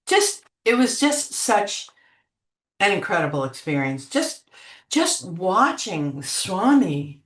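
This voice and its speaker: An older woman telling spiritual memories as an interview guest, gentle and unhurried, trailing off with many fillers. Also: medium pitch, sing-song. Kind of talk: reflective spiritual storytelling. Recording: echoey room.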